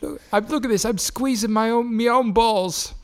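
A man's voice: very high voice, moderate pace. A man co-hosting a podcast in casual chat, rambling and cracking crude jokes. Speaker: podcast co-host.

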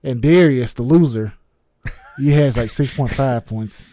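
A man's voice: mid-range voice, a little slow, warm tone, a little hiss or hum. A young man co-hosting a podcast, rambling and self-deprecating in casual chat. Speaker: podcast co-host and trivia contestant.

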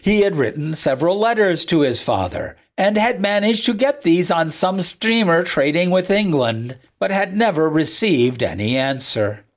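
A regular narrator of a show, giving a slow, expressive reading of a classic tale. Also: medium pitch. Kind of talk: storybook reading.

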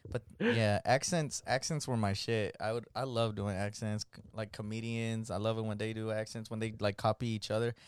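Smooth-voiced male podcast co-host. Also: on the low side, steady tone, moderate pace, few pauses. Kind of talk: casual chat.

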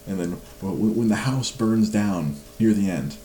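A man's voice: lowish voice, lively intonation, moderate pace, mellow, echoey room, a little hiss or hum. A man in his forties chatting casually at home at night, laughing a lot and mocking himself. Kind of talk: casual chat.

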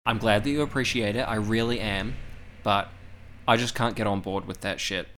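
A man recapping a horror film in casual chat, animated and profane, laughing often. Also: lowish voice, normal speed, slight background noise. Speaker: podcast co-host.

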